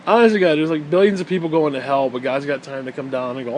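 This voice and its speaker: A man's voice: on the high side, steady tone, quick pace, a little mellow, a little hiss or hum. A young man telling stories in a casual, rambling rant, swearing a lot, mocking and laughing as he goes. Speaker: storyteller. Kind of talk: casual ranting storytelling.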